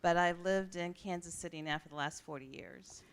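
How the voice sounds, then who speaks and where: A woman's voice: lowish voice, moderate pace, clear, resonant tone. An older woman with a Midwestern accent, sharing her personal story on a live panel in a reflective, earnest way. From United States. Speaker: panel speaker. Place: office event space.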